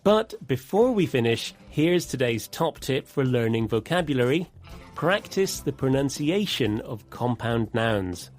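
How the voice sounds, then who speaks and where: A man co-hosting a scripted English vocabulary lesson, explaining in a clear, deliberate way. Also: mid-range voice, sing-song, soft background music. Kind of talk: scripted teaching dialogue.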